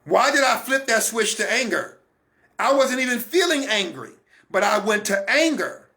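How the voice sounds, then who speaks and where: A man's voice: high-pitched, sing-song, moderate pace, sharp tone. A man giving a Christian teaching talk, emphatic and repetitive, coaching his listeners directly. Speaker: broadcast minister.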